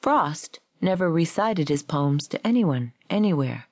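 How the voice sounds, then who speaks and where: A woman reading the part of a pompous male literary man who lectures slowly and with emphasis. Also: lowish voice, very animated, no room sound. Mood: lecturing.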